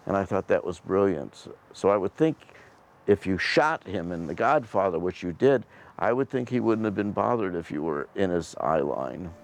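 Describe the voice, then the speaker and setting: Low-voiced reflective male interviewer. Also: big pitch swings, moderate pace, creaky. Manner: reflective, acts out a retold story. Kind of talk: interview conversation.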